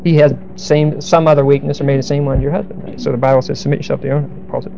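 A man's voice: medium pitch, level tone, rapid-fire, vocal fry, dark tone, muffled recording, a little hiss or hum. A middle-aged man preaching a verse-by-verse sermon, explaining Greek grammar with asides and dry humor. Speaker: pastor.

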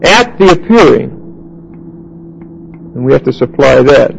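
A man teaching a Bible lesson, explaining Greek grammar deliberately and spelling out words as he writes them on a board. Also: mid-range voice, sing-song, vocal fry, lo-fi sound, a little hiss or hum. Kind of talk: Bible study lecture.

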